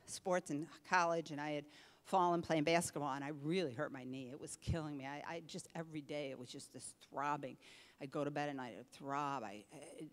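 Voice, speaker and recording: An older woman pastor preaching a sermon with animated delivery, dropping to a hush and then rising to force. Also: deep voice. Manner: animated preaching, swinging between hushed and forceful. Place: church sanctuary. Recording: reverberant church hall.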